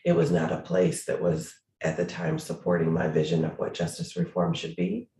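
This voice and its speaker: A man's voice: low voice, sing-song, normal speed, creaky, mellow, reverberant. A man, a city prosecutor, talking earnestly and emphatically in an interview over a video call, repeating phrases for stress.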